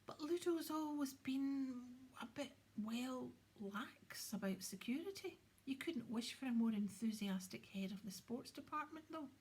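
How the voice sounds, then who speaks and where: A woman playing an eager, easily flustered wizard father from a storybook. He fumbles over his words in a lifted voice. The tone stays breathy throughout. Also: high voice, lively intonation, measured pace, few pauses, darkish tone, pitched above the performer's own voice, full character voice. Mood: fond. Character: cheerful, flustered middle-aged wizard father.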